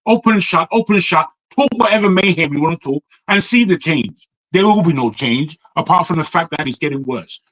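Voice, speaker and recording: A man's voice: fairly high pitch, animated, a little fast, few pauses, a bit bright, no echo, poor audio. A man from Nigeria, hectoring a panel with heated rhetorical questions. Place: living in the West.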